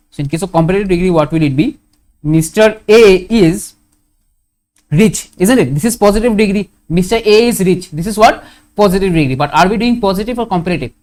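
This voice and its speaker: A man with an Indian English accent teaching a grammar lesson, going slowly and repeating his examples, often asking a question and then answering it himself. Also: high voice, a little mellow. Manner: slow, repetitive, asks questions and answers them.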